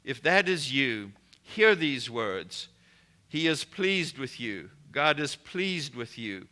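A man's voice: mid-range voice, sing-song, slow, sharp tone. A man preaching a recorded sermon in an emphatic, declarative way, speaking blessings and prayers over his listeners.

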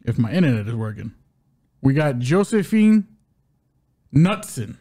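A man's voice: medium pitch, big pitch swings, a little slow, mellow. A man co-hosting a podcast, previewing fights in a loose, joking way and stumbling over names. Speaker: co-host of a fight-betting podcast.

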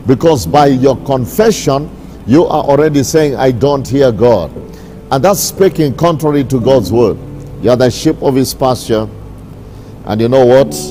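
A bishop preaching a sermon, repeating his declarations slowly and with emphasis. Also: medium pitch, warm tone. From Kenya.

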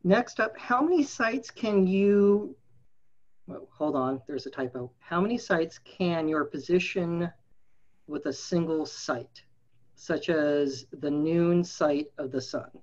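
Unhurried Q&A moderator, mid-pitched, reading questions over muffled, lo-fi video-call audio. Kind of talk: moderating a Q&A session.

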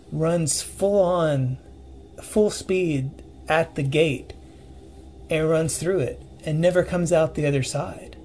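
A man telling a personal ghost story in a casual, earnest way, pausing and restarting as he recalls the details. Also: fairly high pitch, darkish tone. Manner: earnest, halting retelling with restarts and vivid detail.

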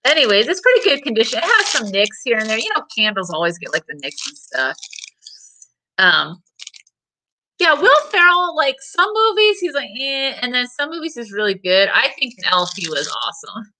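A woman's voice: on the high side, very animated, moderate pace, sharp tone, slight background noise, low-quality recording. A middle-aged woman hosting a casual live sale of vintage items, chatty and rambling as she answers viewer comments and laughs often.

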